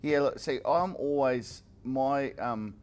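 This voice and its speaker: A man's voice: medium pitch, slow, a little mellow. A man speaking casually and hesitantly, with many fillers and restarts. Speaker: executive creative director at an ad agency. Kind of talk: casual conversation.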